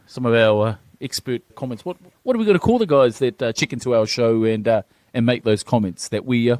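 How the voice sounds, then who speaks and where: A man's voice: medium pitch, no echo. A man co-hosting a casual sports chat podcast, hyped and teasing, often saying "talk to me". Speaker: podcast co-host.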